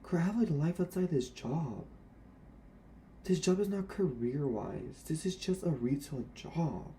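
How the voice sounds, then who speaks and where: A man's voice: on the high side, expressive, unhurried, warm tone, slight background noise. A young man, a former retail worker, speaking to camera in a candid, sassy and blunt rant about old coworkers.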